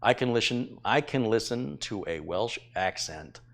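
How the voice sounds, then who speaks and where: A middle-aged man with a fairly low voice, talking casually to a live audience from his kitchen. He rambles with fillers and gently teases viewers as he thanks them. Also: expressive, measured pace. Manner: chatty, teasing, rambling with fillers. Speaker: tech YouTuber hosting a live stream. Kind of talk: casual live-stream chat reading donations. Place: home kitchen.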